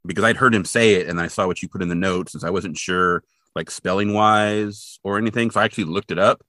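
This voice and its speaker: A man co-hosting a casual podcast, recapping a TV episode with animated, laughing chatter. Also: deep voice, fast, no room sound, clean studio sound. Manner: animated, laughs often, trails off mid-sentence. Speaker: podcast co-host.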